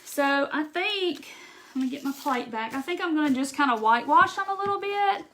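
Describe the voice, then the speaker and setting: Woman, Mississippi Southern accent, fairly high voice, casual livestream craft chat, talks to viewers. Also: animated, normal speed, a bit bright, a little hiss or hum. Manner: chatty, reads viewer comments aloud, says y'all. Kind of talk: casual live craft demo.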